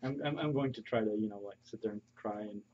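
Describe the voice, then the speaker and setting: A man playing in a tabletop game, chatting casually, halting and repeating words. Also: lowish voice, darkish tone, slight background noise. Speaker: player. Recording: muffled lo-fi recording.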